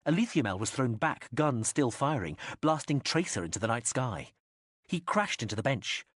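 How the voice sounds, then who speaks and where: A man narrating an audiobook in a lively, expressive reading style. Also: mid-range voice, moderate pace, dry recording, studio quality. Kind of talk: scripted narration.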